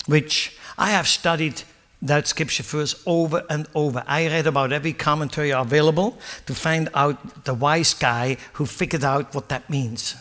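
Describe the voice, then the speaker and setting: Pastor, male, high voice; dynamic sermon delivery, emphatic peaks and whispered asides, questions to the congregation. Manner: swings from loud emphatic bursts to hushed whispers.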